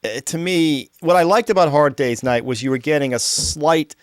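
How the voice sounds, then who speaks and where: A man co-hosting a casual podcast chat, talking in halting starts and restarts. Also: a little high, dry recording, studio quality.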